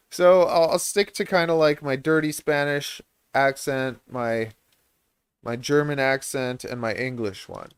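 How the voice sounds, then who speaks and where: A man's voice: medium pitch, slow, long pauses, smooth, no room sound. A man hosting a livestream, chatting in a rambling, self-deprecating way and laughing often. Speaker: livestream host and reptile breeder.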